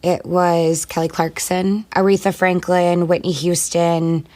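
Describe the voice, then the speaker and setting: A woman with a fairly low voice, talking casually in an interview. She is chatty and playful, and gives short, snappy answers. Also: little pitch movement, darkish tone. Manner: chatty and playful, quick one-word answers. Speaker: singer and actor being interviewed.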